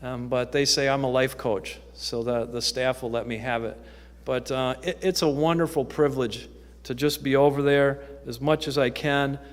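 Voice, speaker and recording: In an echoey church sanctuary, a mid-voiced man with fairly even intonation gives a casual testimony from the pulpit at normal speed. He works in youth ministry and tells his stories conversationally, saying "um" often.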